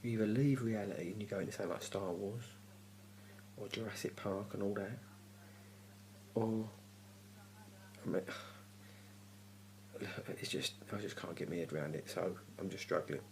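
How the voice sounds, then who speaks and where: Gravelly man ranting grumpily. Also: lowish voice, normal speed, long pauses, darkish tone, a little hiss or hum. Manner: grumpy, sweary, exasperated ranting. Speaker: TV review vlogger. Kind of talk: casual ranting review. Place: home at night.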